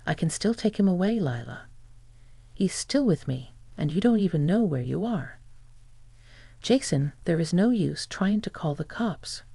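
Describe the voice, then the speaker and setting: A woman's voice: fairly low pitch, expressive, unhurried, vocal fry, dark tone, breathy edge, dry recording, full character voice. A woman voicing a scheming, self-pitying grandmother who talks in an indignant, whiny way.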